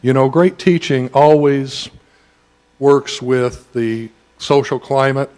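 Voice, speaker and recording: A man, a school district administrator, giving a formal public speech in a measured way with frequent "uh" pauses. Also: medium pitch, steady tone, a little mellow, clear, resonant tone. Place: school event audience setting.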